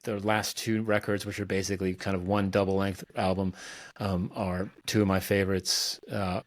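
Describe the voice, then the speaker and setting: Relaxed low-voiced man, dry sound. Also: moderate pace, no room sound. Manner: relaxed, hesitant with many fillers and restarts. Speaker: podcast guest, author. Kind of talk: casual conversational interview.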